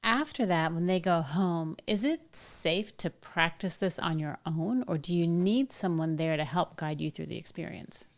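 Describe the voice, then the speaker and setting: A woman co-hosting a podcast, asking a guest questions in a measured, thoughtful way. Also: lowish voice. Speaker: podcast co-host. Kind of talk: casual interview.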